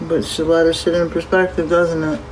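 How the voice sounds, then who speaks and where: A man's voice: a little high, flat delivery, a little fast, a little hiss or hum, poor audio. A man chatting casually on a livestream, talking straight to his viewers and swearing freely.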